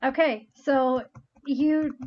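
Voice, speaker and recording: A woman's voice: high-pitched, steady tone, very slow, slight background noise. A woman narrating a tabletop game as game master, in a chatty, rambling way. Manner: rambling, chatty, self-correcting. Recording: dull lo-fi stream audio.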